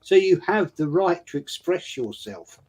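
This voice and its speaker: A man's voice: high voice, sing-song, measured pace, darkish tone, slightly rough. A middle-aged man co-hosting a football stream, reminiscing about the old days of the terraces and acting out what players and fans said. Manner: reminiscing fan stories, acting out quotes. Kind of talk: casual football chat.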